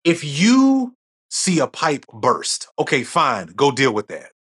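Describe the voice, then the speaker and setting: A man's voice: a little high, huge pitch swings, slow, fairly bright tone, breathy edge. A middle-aged man as a podcast guest, telling stories in casual conversation and acting out quoted dialogue.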